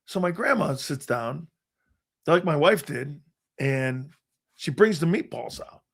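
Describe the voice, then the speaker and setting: An older man with a gravelly, creaky voice, spinning loose stories live on a sports show. He circles back and restarts his sentences often and drops the occasional curse word. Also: on the high side, expressive, takes it slowly. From Connecticut, United States. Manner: rambling anecdotes, frequent restarts and fillers, profane. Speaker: sports show host and former football player.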